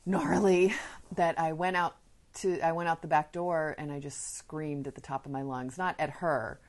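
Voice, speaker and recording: A woman with a notably low voice talks casually to listeners about parenting. Her delivery is earnest and conversational, and she drops into personal anecdotes as she goes. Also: fairly even intonation, moderate pace, darkish tone. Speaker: parenting podcast host. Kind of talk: casual advice talk.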